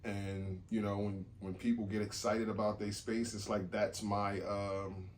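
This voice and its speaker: Unhurried and flat in delivery, a male podcast co-host speaks at a fairly low pitch over a faint hiss or hum. The talk is a relaxed, meandering chat where he repeats things and sometimes swears.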